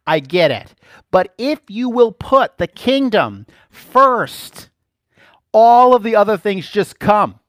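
Guy preaching a sermon, kinda high voice, playful and animated, laughs a lot, dry sound. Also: takes it slowly, no echo.

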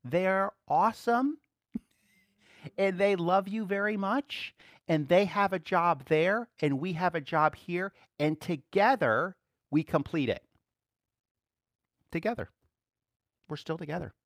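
A man preaching a relaxed, conversational sermon to a class. His voice sits a little high and sounds dry and close, with no room echo. He laughs often and swings between emphatic bursts and quiet asides. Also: slow pace, long pauses.

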